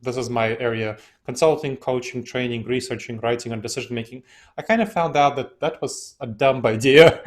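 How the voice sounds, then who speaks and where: A man's voice: mid-range voice, a little fast. Man in an interview, telling his story. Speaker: interview guest. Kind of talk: casual storytelling.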